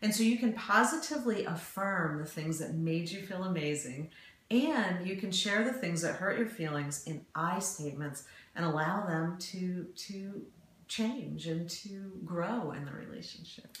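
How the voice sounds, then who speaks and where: A woman's voice: lowish voice, animated, unhurried, a bit bright. A woman co-hosting a relationship advice talk, explaining casually and acting out example phrases. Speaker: relationship video co-host. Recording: very echoey room.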